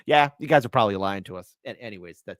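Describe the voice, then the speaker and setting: A man's voice: on the low side, animated, quick pace, no echo, clean studio sound. A man co-hosting a casual podcast, talking animatedly and slipping into mocking voices as he riffs. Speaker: guest co-host.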